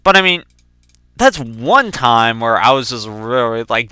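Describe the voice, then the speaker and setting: A young man rambling through profane, animated personal anecdotes while playing a video game. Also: medium pitch, unhurried, clean tone, no room sound. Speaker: let's play gamer. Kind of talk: casual storytelling while gaming.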